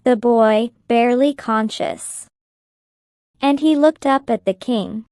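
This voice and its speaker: Slow, clear woman reading a story. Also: fairly high pitch, dark tone, no echo, studio quality. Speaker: narrator. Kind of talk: slow graded-reader story narration.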